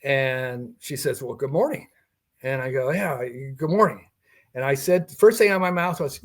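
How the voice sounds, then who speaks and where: A man's voice: mid-range voice, animated, normal speed. An older man telling a personal story in a podcast interview, acting out the dialogue and chuckling as he goes. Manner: recounting a personal encounter with quoted dialogue and chuckles. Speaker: guest.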